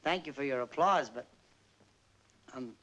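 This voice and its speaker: In a 1950s film stand-up monologue, an actor plays a self-mocking male stage entertainer just back from army service, telling a wry story with comic timing. His medium-pitched voice is bright, forceful and unhurried, though the audio is poor.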